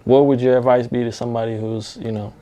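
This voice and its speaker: A man interviewing a guest in a relaxed way, asking questions slowly with fillers. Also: mid-range voice. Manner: laid-back, hesitant with fillers.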